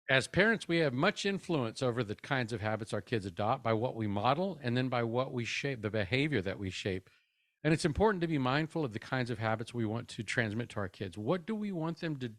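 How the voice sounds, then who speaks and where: A man's voice: medium pitch, no room sound, studio quality. A middle-aged man giving a conversational parenting webinar, casual and upbeat, often tossing in "man".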